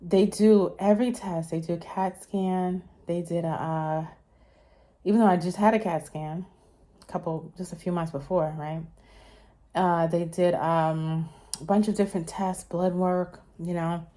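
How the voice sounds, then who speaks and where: A woman's voice: fairly low pitch, steady tone, a little slow, warm tone. A woman in her thirties telling a personal story in a casual, rambling way, full of fillers and restarts, and a little short of breath. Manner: chatty, rambling with many fillers and self-corrections. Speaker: vlogger.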